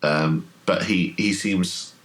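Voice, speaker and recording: A man running a horror tabletop game as game master, describing scenes in a halting way with many fillers. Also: sits low, fairly bright tone, slight background noise, poor audio.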